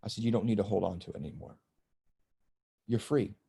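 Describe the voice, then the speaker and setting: A man's voice: fairly low pitch, brisk, gravelly, warm tone, breathy edge. Earnest middle-aged man telling a story. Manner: earnest and emotional, breaks tension with jokes. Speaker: guest, spiritual teacher and healer. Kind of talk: personal storytelling in a podcast interview.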